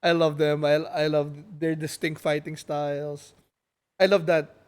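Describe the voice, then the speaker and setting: A man's voice: a little high, level tone, normal speed, clean tone. A man co-hosting a podcast, talking with enthusiasm in casual chat and stumbling over words. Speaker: podcast co-host. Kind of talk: casual chat reviewing shows.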